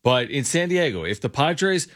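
Animated American sports radio co-host. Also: male voice, medium pitch, normal speed. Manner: animated, says "dude" and "like" often. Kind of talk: casual sports talk.

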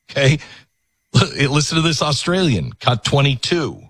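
A man's voice: on the high side, animated, a little slow, a bit bright. A man hosting a talk show, delivering an impassioned, preachy monologue to a studio audience. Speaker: host.

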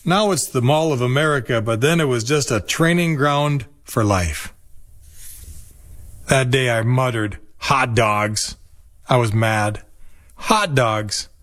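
A man's voice: medium pitch, measured pace. A man in his fifties from Minnesota, reading a nostalgic personal story in a reflective manner. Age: 50s. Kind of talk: scripted personal narration.

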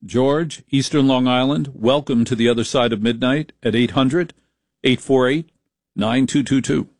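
A middle-aged man from the American Northeast hosting a late-night call-in radio show, blunt and sarcastic and quick to flare up. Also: medium pitch, no echo, clean studio sound.

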